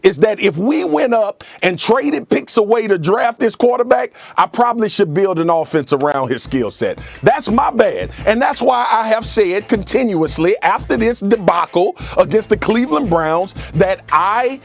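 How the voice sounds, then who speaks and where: A man giving sports analysis on a debate show with sarcastic, animated delivery. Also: sits high, moderate pace, creaky, few pauses, soft background music.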